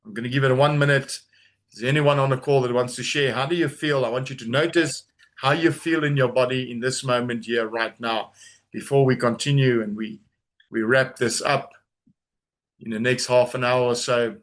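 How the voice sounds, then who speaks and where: A man in a mid-range voice leads a webinar audience through a grounding and breathing exercise. He speaks slowly and soothingly over a video call, pausing often between his gentle instructions. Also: mid-range voice. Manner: slow, calm, soothing instructions with long pauses. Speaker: trauma coach leading a webinar.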